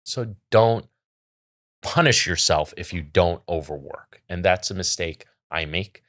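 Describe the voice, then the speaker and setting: A man's voice: sits low, a little slow, fairly bright tone. A middle-aged man co-hosting a casual podcast, giving earnest advice and reading out viewer questions. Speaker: podcast co-host. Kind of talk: casual chat.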